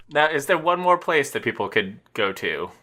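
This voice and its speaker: Bright-voiced male podcast host. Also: medium pitch. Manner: jokey, rambling plugs. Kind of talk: casual chat.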